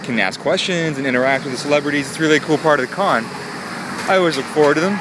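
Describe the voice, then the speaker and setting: A man telling an anecdote outside while walking, halting with many fillers. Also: on the high side, background noise. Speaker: convention attendee telling a story. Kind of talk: casual anecdote.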